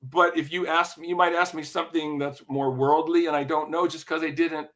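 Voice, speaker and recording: An older man talking as a podcast guest, telling long anecdotes with lots of restarts and the odd throat clear. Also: fairly high pitch, flat delivery, brisk, fairly bright tone. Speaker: podcast guest, music industry veteran. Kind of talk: casual interview storytelling.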